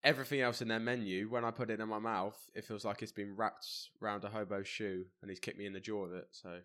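A man's voice: fairly low pitch, fairly even intonation, fast, a bit bright. A young English man co-hosting a podcast, ranting in blunt, jokey banter. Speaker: podcast co-host. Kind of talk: casual banter.

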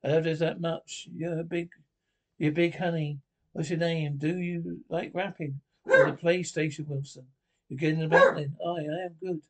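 An actor playing a coarse, cheeky Scottish pensioner in a TV sitcom, with gruff, sweary banter. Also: male voice, fairly high pitch, level tone, normal speed, lightly acted, poor audio. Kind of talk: TV sitcom acting.

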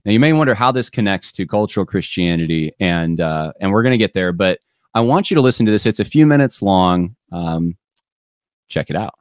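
A man's voice: low-pitched, animated, fairly quick, dry recording, studio quality. A man hosting a podcast, talking casually to a live audience and thinking aloud with restarts and fillers. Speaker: podcast host.

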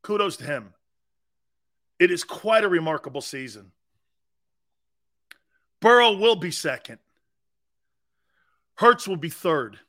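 A man's voice: high-pitched, lively intonation, takes it slowly, long pauses, fairly bright tone. A man hosting a sports talk show, delivering a brash, opinionated monologue that rambles and repeats its points.

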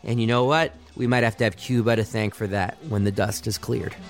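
A man's voice: fairly low pitch, fairly even intonation, brisk, loud music behind the voice. A man hosting a sports podcast, delivering impassioned, argumentative solo commentary.

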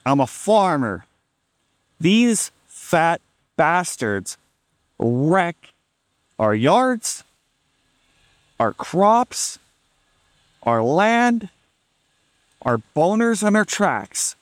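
A man's voice: a little high, big pitch swings, drawn-out words, long pauses, no echo, voice pushed up, full character voice. A man putting on the voice of his friend, a grown man and farmer ranting furiously about gophers. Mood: fuming.

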